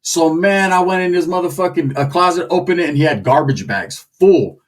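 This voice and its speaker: A man telling a crude, slang-filled comedic story in an animated way. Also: on the high side, a little fast, recorded from a distance.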